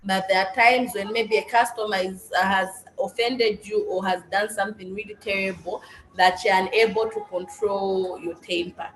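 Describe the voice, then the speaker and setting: A woman's voice: medium pitch, fairly even intonation, moderate pace, slight background noise. Brief: woman facilitator, mixes English and Swahili, restarts sentences, recorded in an echoey room with faint ambience. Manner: switches between English and Swahili, restarts often. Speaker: session facilitator and interpreter. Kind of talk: workshop moderation.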